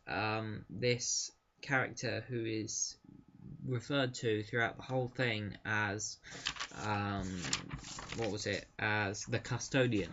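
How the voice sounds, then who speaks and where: A man's voice: medium pitch, a bit bright, dull audio, slight background noise. A man casually reviewing a comic book, enthusiastic and chatty, with frequent ums and uhs.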